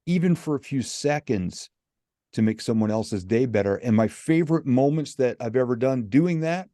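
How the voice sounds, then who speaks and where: Animated storytelling man, mellow voice. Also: on the low side, no room sound, clean studio sound. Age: middle-aged. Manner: animated, acts out quoted dialogue. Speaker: podcast guest. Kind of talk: storytelling in a podcast interview.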